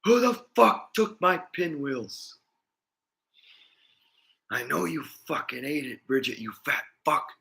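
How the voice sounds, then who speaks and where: A man voicing a furious old man who screams and curses in a shrill, raging yell. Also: big pitch swings, slow, creaky, pauses often, full character voice.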